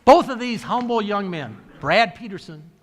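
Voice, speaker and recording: Animated coach in a hall. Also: male voice, sits high, moderate pace. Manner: animated, acts out quoted dialogue. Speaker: wrestling coach and speaker. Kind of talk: storytelling speech to an audience. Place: large hall. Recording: reverberant hall.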